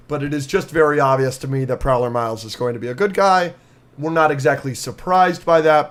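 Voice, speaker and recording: A man co-hosting a podcast, recapping with excitement and lots of fillers in casual chat. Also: fairly high pitch, smooth. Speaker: podcast co-host.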